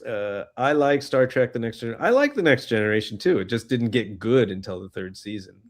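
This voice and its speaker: A man's voice: medium pitch, expressive, a little fast. A man hosting a casual livestream, greeting chat viewers and joking loosely, with frequent swearing. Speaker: livestream host reading chat.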